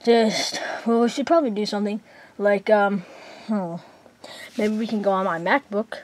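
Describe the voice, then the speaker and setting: A woman's voice: medium pitch, measured pace. A woman narrating and voicing characters in a casual homemade toy skit, rambling with many fillers.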